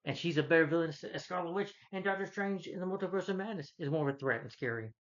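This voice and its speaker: A man's voice: fairly high pitch, fast talker, fairly bright tone, lo-fi sound. Rambling man reviewing a movie. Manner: rambling, many restarts and fillers, opinionated. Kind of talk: casual rambling film review.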